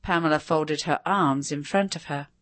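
A woman narrating a story in a measured, expressive reading. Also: sits low, no room sound. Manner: measured, expressive, varied delivery.

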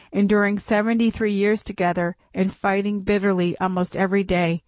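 A woman narrating a memoir audiobook in a measured, steady reading voice, close to the mic. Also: medium pitch, dry recording.

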